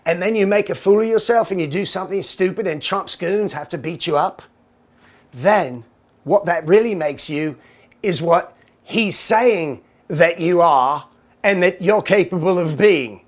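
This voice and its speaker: A condescending male comedian caricature with a bad South African accent, as a talk-show host puts him on. The delivery is patronizing and repetitive. The voice is softer and lower-set than the host's usual talk. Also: unhurried. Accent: bad put-on South African accent. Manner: condescending, lecturing, rambling. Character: mocking impression of a male late-night comedian.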